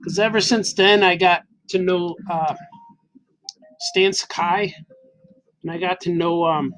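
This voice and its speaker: Drawing as he talks, a forty-something cartoonist host rambles through an eager anecdote punctuated by frequent laughter. He speaks unhurriedly in a high, slightly bright voice with fairly even intonation, captured on a camera mic in low-quality audio.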